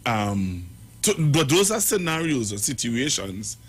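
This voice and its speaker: A male radio co-host, speaking in a halting, hesitant way. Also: mid-range voice, big pitch swings, breathy edge.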